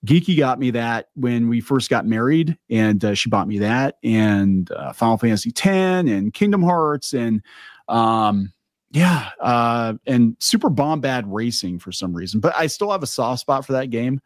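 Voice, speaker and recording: A man's voice: medium pitch, expressive, measured pace, dry recording. A man in his forties with a cartoonish-sounding voice, hosting casual opinion commentary in a rambling, chatty way with many fillers and restarts. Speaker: video commentary host.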